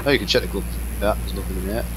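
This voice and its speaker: A man's voice: deep voice, racing, noisy background. A man giving comedic, swearing gameplay commentary in a cocky, mock-tough tone. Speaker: gaming commentator.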